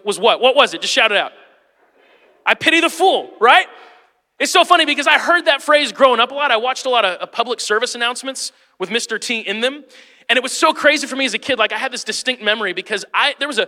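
A man in his forties preaches with a high, bright, ringing voice. He jokes and calls out to his congregation as he teaches. The sound carries a long reverb from a church hall. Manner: lively, joking, talks straight to the congregation. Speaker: pastor. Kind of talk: sermon.

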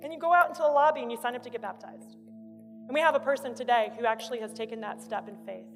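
High-voiced woman preaching in a hall. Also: fast talker, soft background music. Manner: animated storytelling, emphatic repetition. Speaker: pastor's wife preaching. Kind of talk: sermon. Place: church auditorium. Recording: long hall reverb.

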